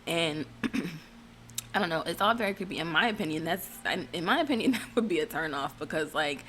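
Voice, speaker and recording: Woman, low voice, casual recap vlog, blunt, swears, rambling, faint background hiss. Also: expressive, normal speed, fairly bright tone. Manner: blunt, profane, rambling with fillers. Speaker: reality TV recap vlogger. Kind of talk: casual commentary.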